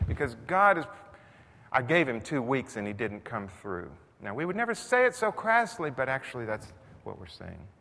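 A man's voice: on the high side, fairly bright tone. Man preaching in a reverberant church. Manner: conversational preaching, rising to intense emphasis. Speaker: pastor. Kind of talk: sermon. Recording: long reverb, faint noise.

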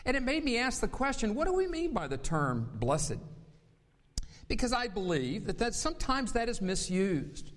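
A man with a faint Southern accent preaches a sermon in a high voice. He slows down and draws out key words for emphasis. A long hall reverb trails behind him. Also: huge pitch swings. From North Carolina. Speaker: pastor.

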